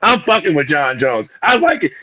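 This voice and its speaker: A man's voice: fairly high pitch, big pitch swings, normal speed, pushed and bright, no room sound, lo-fi sound. A man co-hosting a sports podcast, ranting emphatically and cursing freely in casual chat. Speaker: podcast co-host.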